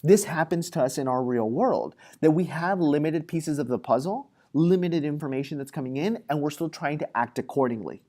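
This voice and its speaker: Animated man lecturing with a mellow voice. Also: on the high side, fairly quick, few pauses. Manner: animated, acts out everyday scenarios in quoted voices; conversational with frequent fillers. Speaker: psychology lecturer. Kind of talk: classroom lecture.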